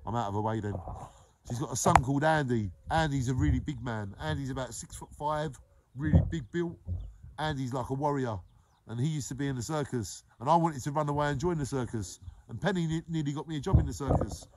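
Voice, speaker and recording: A man's voice: medium pitch, a little fast. Man in his forties hosting a noisy live stream. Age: 40s. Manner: warm, repetitive shout-outs to viewers by name. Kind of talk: daily live show greeting viewers.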